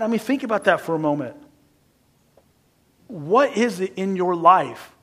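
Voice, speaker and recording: A man preaching a sermon in an animated, emphatic way, with casual asides and acted-out quotes. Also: on the high side, husky. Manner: acts out quotes in a shifting voice.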